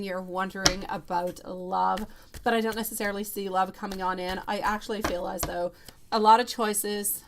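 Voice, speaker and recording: A woman's voice: mid-range voice, a little hiss or hum. A woman giving a live tarot reading, chatty and affectionate, calling viewers sweetie and love between giggles. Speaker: tarot reader.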